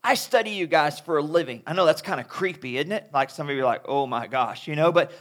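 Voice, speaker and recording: A man preaching a sermon to young people as a youth speaker, talking in an animated, conversational way. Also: fairly high pitch, fast.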